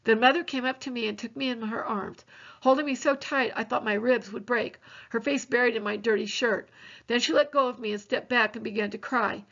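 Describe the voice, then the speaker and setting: A woman teacher reading a novel aloud in a steady, earnest way with occasional small slips. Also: on the high side, fairly quick. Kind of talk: novel read-aloud narration. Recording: dull lo-fi recording.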